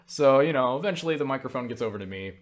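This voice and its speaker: A man's voice: mid-range voice, lively intonation, rapid-fire. A young man hosting his own channel, telling stories to camera in a rambling, filler-heavy way and casually mocking himself. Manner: rambling, full of fillers like "you know" and "like"; self-mocking, swears casually. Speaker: channel host answering viewer questions. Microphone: webcam mic.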